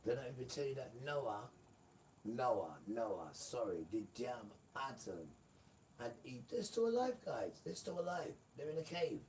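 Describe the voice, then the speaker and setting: A man streams live in a rambling, emphatic monologue, repeatedly calling out to his viewers. His voice sits at a middling pitch. It is picked up from a distance with faint room noise behind it. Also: sing-song, a little slow, a little mellow. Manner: rambling, emphatic, keeps addressing the audience.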